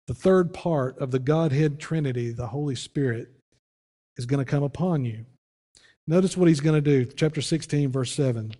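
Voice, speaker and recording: A man preaching as pastor, earnest, often dropping low and quiet to press a point. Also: moderate pace, in a large hall. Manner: earnest preaching, voice drops low and soft on key phrases. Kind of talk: sermon.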